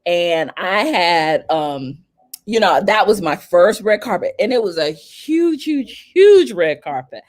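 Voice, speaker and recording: A woman from North Carolina, a celebrity publicist telling stories as an interview guest, animated and acting out what people said in a raised voice. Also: on the low side, slow. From North Carolina, USA. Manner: animated, acts out quotes in a raised voice. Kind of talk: storytelling in an interview.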